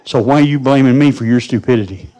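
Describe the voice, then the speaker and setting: A man's voice: medium pitch, fast talker, warm tone, voice pushed up, natural voice, poor audio. A man voicing God scolding a stubborn woman in a sermon story. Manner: reproachful, lecturing. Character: God, patient but scolding, exasperated.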